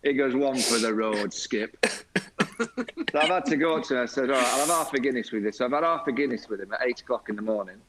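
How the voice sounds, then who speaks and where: A man, a guest on a video call, telling a lively anecdote with laughter and quoted voices. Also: medium pitch, fast, very noisy. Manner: lively storyteller, laughs often, mimics teammates. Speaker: former cricket captain guest. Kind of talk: anecdotal storytelling.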